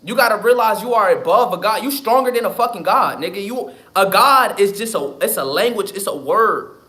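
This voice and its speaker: A man's voice: sits high, lively intonation, a little fast, bright, forceful tone. A man, talking casually and emphatically on a live stream, profane and repetitive. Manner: emphatic, profane, repeats himself. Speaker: livestream host. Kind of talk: casual livestream talk.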